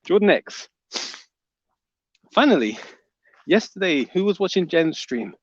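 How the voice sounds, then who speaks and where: A man's voice: high-pitched, very animated, slow pace, no echo, dull audio. A man hosting a livestream, reading viewer comments aloud and teasing the chatters. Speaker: livestream host reading chat. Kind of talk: casual livestream chat.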